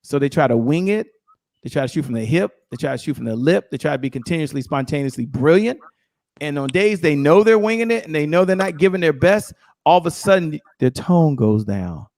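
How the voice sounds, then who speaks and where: Repeating his key phrases with energy and emphasis, a middle-aged man speaks as a guest on the subject of sales motivation. His pitch is fairly high, and the clean studio recording has no room sound.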